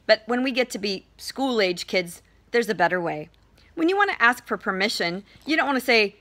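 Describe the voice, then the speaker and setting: A woman's voice: mid-range voice, very animated, normal speed, bright, forceful tone. An older woman giving cheerful, teacherly morning announcements to a school from her home.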